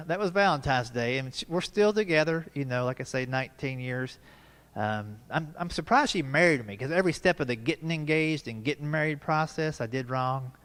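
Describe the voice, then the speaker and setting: A man's voice: medium pitch, a bit bright. A man in his forties doing stand-up comedy at a church, telling folksy stories with asides to the audience. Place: church performance space.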